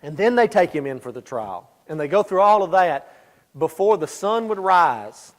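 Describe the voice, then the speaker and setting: Male preacher, high voice, lively storytelling with loud-soft swings, long church reverb. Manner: animated storyteller, swinging between loud emphasis and quiet asides. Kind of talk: sermon. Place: church sanctuary. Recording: echoey church hall.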